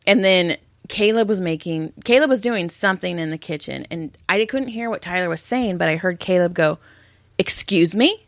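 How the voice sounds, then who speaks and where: A woman's voice: fairly low pitch, fairly quick, hardly any pauses, no echo. Storytelling woman co-host, dry close sound. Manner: animated storytelling, acts out quotes. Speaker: podcast co-host. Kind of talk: casual chat.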